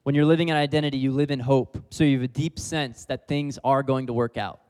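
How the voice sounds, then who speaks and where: A man's voice: mid-range voice, fairly even intonation, fairly quick, a little mellow, clean tone. Man preaching in a reverberant hall. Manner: casual, laughs often, leads the crowd in repeating lines. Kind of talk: sermon.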